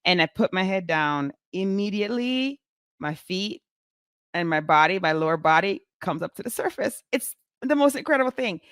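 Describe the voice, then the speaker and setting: A woman in her forties, a physician hosting her own show, telling a story in a chatty, animated way with many fillers. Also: mid-range voice, moderate pace, clean tone, no echo, studio quality. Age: 40s. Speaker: physician podcast host. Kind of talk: casual storytelling to camera.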